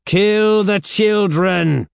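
A man reading a storybook and voicing a cruel female witch who speaks quietly, icily and in commands. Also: high-pitched, very slow, vocal fry, clean tone, no echo, clean studio sound, pitched above the performer's own voice, full character voice. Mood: commanding.

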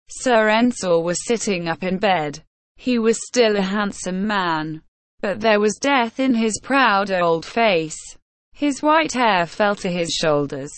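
A woman narrates a storybook at a very slow, careful pace, every word laid out evenly. Her voice sits at a middle pitch, and the recording is dry and close. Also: no room sound. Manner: slow, careful, even reading. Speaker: audiobook reader.

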